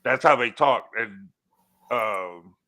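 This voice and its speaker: A man in his forties chats loosely on a trivia livestream, teasing his co-host and rambling with restarts. His voice is bright and forward, at a middle pitch for a man. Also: takes it slowly, vocal fry. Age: 40s. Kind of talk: casual chat on a trivia livestream.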